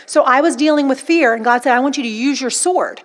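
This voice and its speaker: A woman with a high, bright-pitched voice preaches with fervent emphasis. She climbs higher when she builds to a point and drops low and quiet when quoting scripture. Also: a little fast. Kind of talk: sermon.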